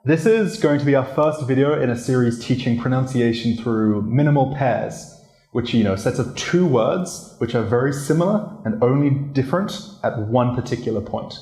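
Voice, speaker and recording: A man presenting a casual pronunciation lesson as a learner of the language, explaining in a relaxed, chatty way with lots of "like" fillers. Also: mid-range voice, normal speed. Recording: roomy echo.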